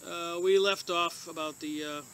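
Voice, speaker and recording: Bright-voiced man rambling earnestly. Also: on the high side, fairly even intonation, normal speed, slight background noise, low-quality recording. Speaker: book reviewer. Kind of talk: casual monologue and reading aloud.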